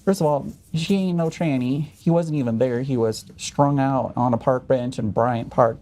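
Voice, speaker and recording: Blunt, provocative man with a dark voice. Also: medium pitch, normal speed. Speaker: podcast guest. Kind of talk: casual chat.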